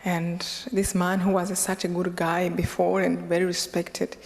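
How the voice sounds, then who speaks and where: A middle-aged woman from Rwanda with a Rwandan accent, giving a personal testimony talk in an earnest, slow, reflective way with halting restarts. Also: fairly low pitch, completely flat delivery. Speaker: guest speaker. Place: large lecture hall. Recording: long hall reverb.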